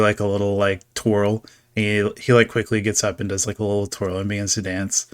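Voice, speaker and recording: A man's voice: on the low side, monotone, a little fast, smooth, no room sound, studio quality. A man narrating as game master of a tabletop game, describing scenes in a storytelling way with casual fillers.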